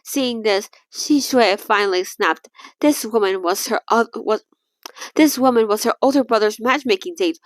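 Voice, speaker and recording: A woman's voice: a little high, moderate pace, no echo. A young adult woman casually reading a novel aloud, stumbling over words, restarting lines and breaking off to comment. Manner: stumbles and restarts, laughs and comments between passages. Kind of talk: casual read-along with asides.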